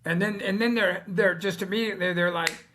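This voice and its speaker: Folksy high-voiced man giving business advice. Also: steady tone, a little fast, sharp tone, a little hiss or hum. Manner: folksy, acts out quotes of bankers and clients; plain-spoken, mild cursing. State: tired, yawning. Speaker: business funding company founder. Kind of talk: casual advice video monologue.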